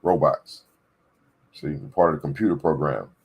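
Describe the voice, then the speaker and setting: A man with a very low voice that carries a husky edge gives a political rant. He hammers points home by repeating them and keeps checking in with whoever is listening. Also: moderate pace, darkish tone. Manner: emphatic, repetitive, preachy. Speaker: political commentator. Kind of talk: ranting commentary.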